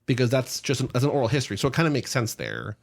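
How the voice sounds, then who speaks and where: A man's voice: medium pitch, huge pitch swings, gravelly. A man co-hosting a book podcast, chatting casually and reading out listener questions. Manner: fast, chatty, reads listener questions aloud. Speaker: podcast co-host.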